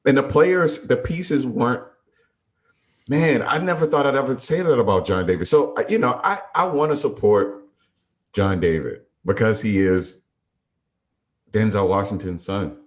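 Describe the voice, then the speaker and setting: A man's voice: mid-range voice, normal speed. A man co-hosting a podcast about movies, thinking aloud in casual chat, often restarting his sentences. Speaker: podcast co-host.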